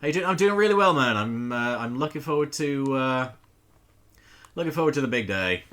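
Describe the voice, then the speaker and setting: Playful and brisk, this live game streamer has a lively, bouncing pitch and a bright, forward tone. He cracks jokes, says hello to his chat and swears offhandedly while playing.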